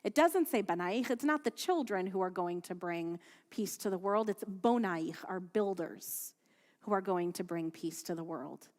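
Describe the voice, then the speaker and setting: Woman rabbi in a reverberant sanctuary. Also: on the low side. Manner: steady, measured prayer reading, then chatty, lively storytelling with fillers. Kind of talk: leading prayers and giving a sermon. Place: synagogue sanctuary. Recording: long hall reverb from a livestreamed service.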